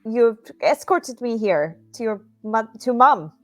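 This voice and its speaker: A woman's voice: on the high side, animated, slow, faint music behind. A woman player in a tabletop game, speaking in character, hesitant with many ums.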